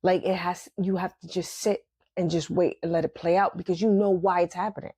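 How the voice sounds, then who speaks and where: Animated woman talking on a podcast. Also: lowish voice, a little fast, slightly rough, no echo, clean studio sound. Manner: animated, acts out her inner voices with laughter. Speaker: podcast host. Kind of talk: reflective spiritual monologue.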